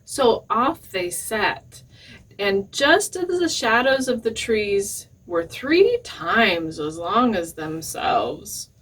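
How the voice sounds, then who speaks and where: A woman librarian reads a folk tale aloud at children's storytime, taking her time. Her voice swoops up and down with playful expression, and she stops for little asides to the kids. The sound is slightly husky and comes from a distance, off the mic. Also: mid-range voice, fairly bright tone. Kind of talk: storytime reading.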